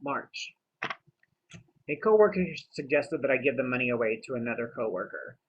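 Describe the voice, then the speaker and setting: A man's voice: medium pitch, animated, moderate pace. A man narrating his own vlog like a diary, chatty, with wry asides to the viewer. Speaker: vlogger narrating his giveaways. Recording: tinny phone-like audio with faint hiss.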